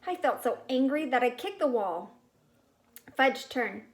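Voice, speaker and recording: Female reader, slightly high voice; reads a children's chapter book aloud, changing pitch and volume for each character. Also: lively intonation, unhurried, rough recording. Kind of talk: storybook read-aloud.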